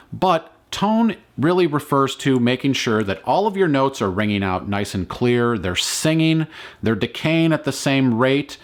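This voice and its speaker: A man teaching a ukulele lesson, explaining calmly and counting beats aloud. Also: mid-range voice. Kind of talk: instructional lesson.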